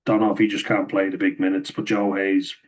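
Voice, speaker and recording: A young Irish man talks through his rugby picks in a low, level voice that rarely rises or falls. He is chatty and opinionated, laughing as he goes, and his voice sounds a bit hoarse. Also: flat delivery, a little fast, muffled recording, slight background noise. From Ireland. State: slightly hoarse, losing voice. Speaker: rugby pundit vlogger. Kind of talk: casual rugby commentary.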